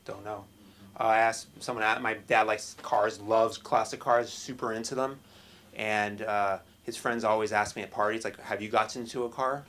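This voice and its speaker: A middle-aged man doing a stand-up set at an open mic in a small comedy club, with a halting, self-deprecating delivery full of restarts. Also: on the low side, fairly even intonation, a bit bright.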